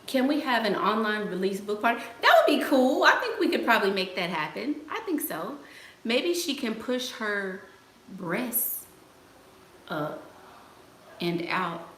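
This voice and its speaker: Chatting casually with her live audience, this host sounds sassy and playful, laughing and using slang. Her voice is medium-pitched and a bit bright, with lively intonation, a measured pace and long pauses. Faint background noise and room echo come through.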